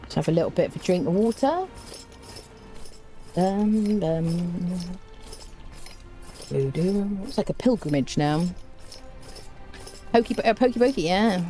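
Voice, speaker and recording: Over soft background music, a woman plays a game on stream, chatty and jokey, humming and muttering to herself while addressing enemies and her chat. Her mid-range, dark voice is animated and brisk, broken by long pauses.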